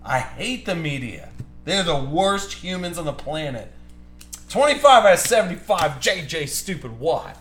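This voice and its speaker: A man with a slightly high, very lively voice rants and fumes while calling out cards on a live stream. His pitch swings widely as he gets worked up. The room is echoey, with faint music underneath. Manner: ranting, heated, fast-shifting. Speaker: card break host.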